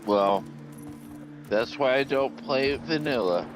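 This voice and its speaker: Slow-talking man rambling on. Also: medium pitch, over music. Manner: rambling explanations with restarts. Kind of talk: casual chat.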